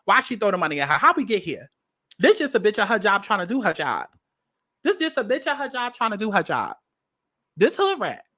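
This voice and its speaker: A woman gives blunt, sassy commentary on a viral video. She hammers her points by repeating them, and her voice is bright and forward. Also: mid-range voice. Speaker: commentary host.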